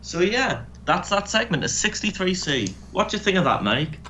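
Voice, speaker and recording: Animated man with sarcastic banter. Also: sits high, moderate pace, a little hiss or hum. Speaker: co-host. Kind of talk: casual gaming commentary.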